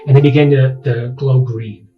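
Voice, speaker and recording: A man working as dungeon master, narrating a tabletop game in a halting way full of restarts. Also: medium pitch, fairly even intonation, narrow, tinny audio, faint music behind.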